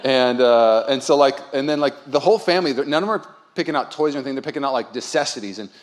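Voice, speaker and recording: Man preaching with casual, lively storytelling. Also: medium pitch, quick pace. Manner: conversational storytelling, swings from quiet asides to loud emphatic preaching. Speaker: pastor. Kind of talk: sermon. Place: church sanctuary.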